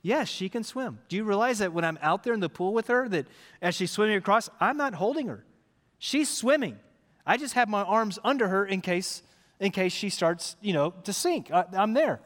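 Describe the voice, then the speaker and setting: A man's voice: high-pitched, animated, moderate pace, fairly bright tone. A man in his thirties preaching a sermon, telling a family story animatedly before building to emphatic preaching. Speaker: pastor. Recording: long reverb of a large hall.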